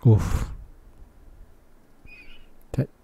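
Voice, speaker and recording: A man's voice: very slow, warm tone. A young man giving muttered, sarcastic let's-play commentary from his desk microphone. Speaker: gaming channel host.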